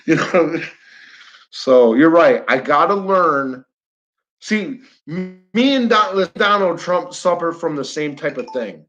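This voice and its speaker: New York-accented man, blunt and animated livestream ranter, slightly high voice, muffled audio. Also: takes it slowly. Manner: blunt, animated, repeats himself, talks to chat viewers. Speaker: flat earth livestreamer. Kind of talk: fired-up livestream rant.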